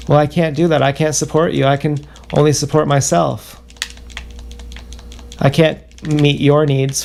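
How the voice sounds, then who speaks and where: A man talks through a halting, self-questioning confessional ramble, circling back over the same words again and again. His voice sits a touch high for a man and has a gravelly, fry-laden edge. Faint background noise and keyboard clicks sit under it. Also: a little mellow. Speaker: livestreamer.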